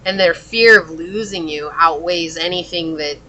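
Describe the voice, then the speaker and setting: Tarot reader, bright tense voice, chatty and exclamatory, faint room hum. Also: medium pitch, normal speed, poor audio. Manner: chatty, exclamatory, talks to spirit guides aloud. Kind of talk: pick-a-card tarot reading.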